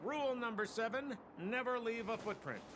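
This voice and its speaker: An actor playing a sly, talkative male smuggler guide in a game cutscene, with smooth salesman patter. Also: very high voice, moderate pace, background noise.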